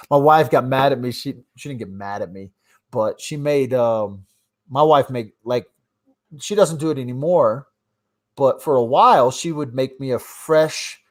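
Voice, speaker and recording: A man hosting a casual live stream from his phone, ranting and swinging from loud outbursts to mumbled asides. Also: mid-range voice. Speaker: livestream host.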